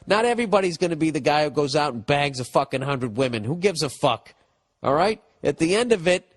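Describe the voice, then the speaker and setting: A man hosting a podcast, giving advice in a blunt, profane, ranting way. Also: on the high side. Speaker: podcast host. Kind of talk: advice podcast, reading listener letters.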